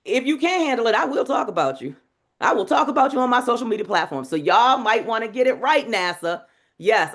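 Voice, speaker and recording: A woman teaching a live online masterclass on public speaking, in an energetic, demonstrative way. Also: medium pitch. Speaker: speaking coach. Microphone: video call.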